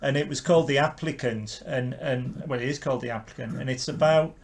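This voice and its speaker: A man's voice: mid-range voice, fairly quick. A man from Carlisle, England, hosting a podcast interview and talking hesitantly about his own play with many ums. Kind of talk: casual interview chat.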